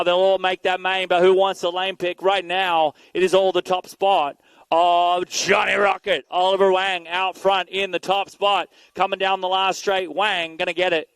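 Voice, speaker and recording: A man giving energetic live play-by-play commentary at an outdoor BMX race, calling out riders and bike numbers. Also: high voice, smooth, dry recording. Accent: Canadian. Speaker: race announcer.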